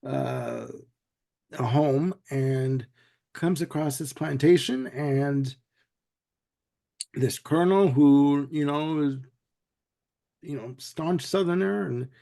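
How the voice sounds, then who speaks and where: A man's voice: on the high side, takes it slowly, gravelly, long pauses, mellow. A man hosting a casual podcast chat, rambling through a retelling with lots of "you know"s. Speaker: podcast host.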